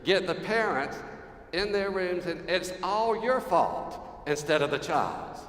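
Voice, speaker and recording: A man's voice: high-pitched, expressive, takes it slowly, fairly bright tone. A man preaching a sermon, conversational and humorous, putting questions to the congregation. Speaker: pastor. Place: church sanctuary. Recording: roomy church echo, long reverb.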